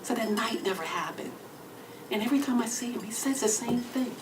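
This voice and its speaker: A woman with a Texan accent performing a stand-up storytelling solo show, swinging between hushed whispers and loud exclamations. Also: a little high, a little fast, very noisy. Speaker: comedian. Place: comedy club stage. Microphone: stage microphone. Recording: distant mic with faint club ambience.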